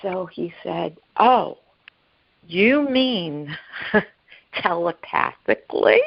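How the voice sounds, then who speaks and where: A woman telling an emotional personal story as a guest, halting and repeating herself, acting out the voices of the people she quotes. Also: lowish voice, expressive, vocal fry, dull audio. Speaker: guest sharing her story. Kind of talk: emotional personal testimony on a podcast.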